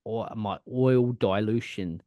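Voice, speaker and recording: A man's voice: on the low side, slow, no echo, highs cut off. An Australian man in his forties, co-hosting a podcast in a loose, sweary, rambling chat with lots of laughing. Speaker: podcast co-host. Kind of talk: casual chat.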